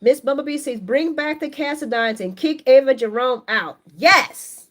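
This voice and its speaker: A woman's voice: sits high, normal speed. A woman hosting a casual live stream, reading viewer comments aloud and giving her chatty, opinionated take. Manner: chatty and opinionated, animated, laughs often. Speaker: soap opera recap host on a live stream.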